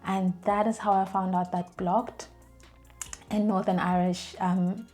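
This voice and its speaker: Young adult woman, casual vlogger, mid-pitched, chatty, lots of ums, animated quoting; soft music bed. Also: unhurried. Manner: chatty, many fillers and restarts; animated, acts out quoted phrases. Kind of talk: casual storytelling to camera.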